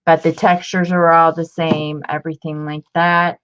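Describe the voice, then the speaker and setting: A woman in her fifties, chatty and excitable, showing off old books in a casual vlog. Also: deep voice, moderate pace, clean tone. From Ohio. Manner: chatty, excitable, muttering asides. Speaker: book collector vlogger. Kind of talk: casual show-and-tell. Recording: dull lo-fi home recording.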